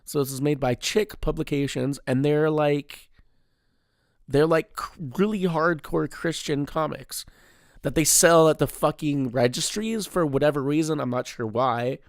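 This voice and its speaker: Gravelly, rambling guy swearing a lot. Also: on the high side, unhurried, dry recording, studio quality. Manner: rambling, heavy swearing, self-deprecating. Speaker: podcast host. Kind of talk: casual solo podcast chat.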